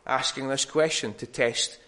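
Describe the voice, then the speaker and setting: A male preacher giving a conversational sermon and explaining a Bible passage, with frequent pauses and fillers. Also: medium pitch, fairly even intonation, bright, forceful tone.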